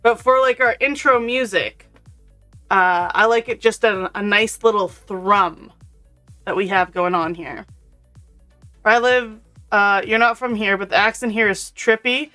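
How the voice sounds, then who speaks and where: A woman's voice: medium pitch, a little slow, sharp tone. A woman streaming a video game, chatting casually with her viewers and her pet, laughing often. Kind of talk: casual chat while gaming. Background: faint intro music.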